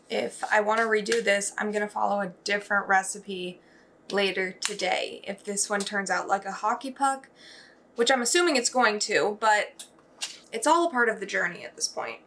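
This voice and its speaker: A woman's voice: medium pitch, gravelly, a little hiss or hum. A young woman in her home kitchen, chatting casually and self-deprecatingly as she narrates her baking vlog. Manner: chatty and self-deprecating, bursting into excited squeals. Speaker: vlogger.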